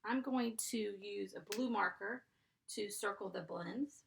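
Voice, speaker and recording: Slow, gravelly-voiced woman teacher. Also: medium pitch. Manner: slow, patient, sounds out letters and blends. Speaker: first grade teacher. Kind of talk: classroom dictation lesson.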